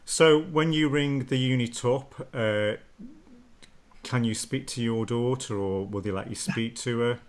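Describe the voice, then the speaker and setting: Male host, gentle and probing, average pitch, a bit hesitant. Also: unhurried. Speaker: interviewer, host. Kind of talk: interview.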